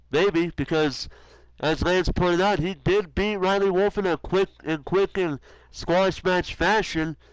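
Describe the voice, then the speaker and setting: A young man calling wrestling play-by-play, animated and cursing freely, shouting at the big moments. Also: high voice, smooth, no echo, rough recording. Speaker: commentator. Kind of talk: excited wrestling play-by-play commentary.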